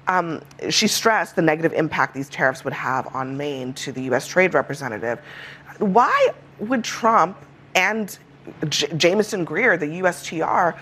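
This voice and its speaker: Brisk woman hosting a panel. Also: sits low, lively intonation, a bit bright. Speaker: host. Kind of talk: political panel moderating.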